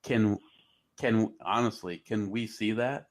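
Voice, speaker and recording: A radio co-host with a low male voice who speaks haltingly and often starts over. He reads out a listener's comment and wonders aloud. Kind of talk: casual talk radio chat.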